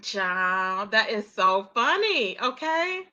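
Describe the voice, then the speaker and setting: Bright high-voiced woman gossiping casually. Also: animated, moderate pace, highs cut off. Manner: chatty, laughs often, repeats "child". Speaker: commentary channel host.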